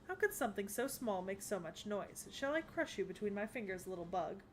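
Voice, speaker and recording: A woman voicing a haughty goddess who rules the underworld, grandiose and commanding but quickly flustered, in an English anime dub. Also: lively intonation, slight background noise, close to an everyday voice. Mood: imperious. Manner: grandiose and imperious, then flustered and shrill. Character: haughty goddess queen of the underworld, proud yet easily flustered.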